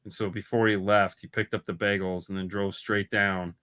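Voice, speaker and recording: A man with a low, bright voice co-hosts a podcast. He talks in loose, rambling casual chat, circling back and repeating himself as he spins out long everyday stories. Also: flat delivery, moderate pace, clean tone. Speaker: podcast co-host.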